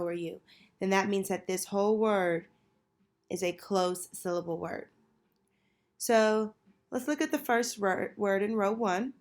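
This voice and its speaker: A woman teacher leading a children's phonics lesson, patiently prompting and pausing for answers. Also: mid-range voice. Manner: slow, patient, call-and-response prompting.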